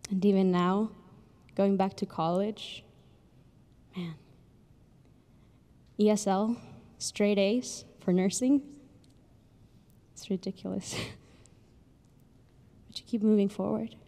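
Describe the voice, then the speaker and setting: A young woman giving an emotional graduation speech, telling a story earnestly with pauses, recorded in a large ceremony hall with long reverb. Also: mid-range voice, steady tone. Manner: earnest, pausing, with soft laughs. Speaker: graduation speaker.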